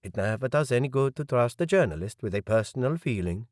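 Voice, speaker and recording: A male audiobook narrator playing a grieving young man who speaks in a measured, rueful way. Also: medium pitch, expressive, a little mellow, dry recording, clean studio sound, close to an everyday voice. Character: young adult man, grieving politician's son, guarded.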